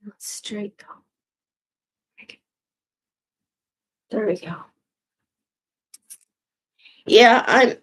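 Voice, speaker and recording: A woman in her sixties rambling casually at home in a goofy, self-mocking way, swearing freely and drifting now and then into whispers. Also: fairly high pitch. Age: 60s. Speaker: vlogger. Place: home room.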